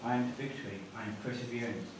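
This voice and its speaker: A man's voice: mid-range voice, steady tone, racing. Man, plain verse reading, far from mic, heavy echo. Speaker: study group participant. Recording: distant, echoey room mic with noise.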